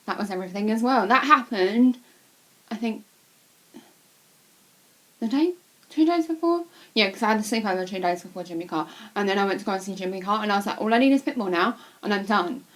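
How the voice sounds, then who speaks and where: Young woman, chatty vlogger, blunt and excitable, swears freely. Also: mid-range voice, brisk, pauses often. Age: young adult. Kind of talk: casual chat to camera.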